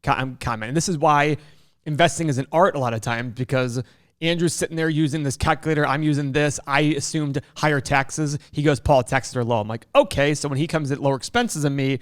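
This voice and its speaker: Fast-talking man, lively banter. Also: on the high side. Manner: animated, quick banter. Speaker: podcast co-host. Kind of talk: casual podcast chat.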